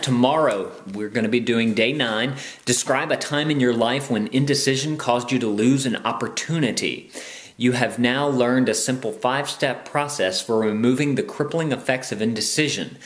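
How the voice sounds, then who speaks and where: Laid-back dad vlogging, rambles then sings baby talk over and over. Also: male voice, mid-range voice, reverberant. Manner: relaxed, rambling, sings and repeats words to a baby. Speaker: vlogger and new father. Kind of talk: casual vlog talk and baby talk.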